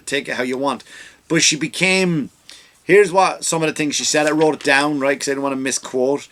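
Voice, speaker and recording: Bright-voiced man ranting on a comedy podcast. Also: mid-range voice. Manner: animated ranting, rising to loud mocking outbursts. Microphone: studio microphone.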